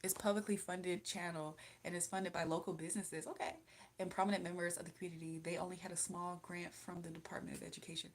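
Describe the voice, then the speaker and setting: A woman's voice: lowish voice, level tone, quick pace, noisy background. Chatty young woman on a livestream. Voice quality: chatty and rambling with frequent laughs. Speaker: livestream host. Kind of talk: casual livestream chat reading viewer comments.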